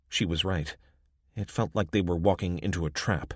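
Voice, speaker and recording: A man with a very deep voice reads the story in a steady, measured storyteller's manner. The recording is close and dry, with no room sound around him. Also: breathy edge, no room sound. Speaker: audiobook narrator. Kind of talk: scripted narration.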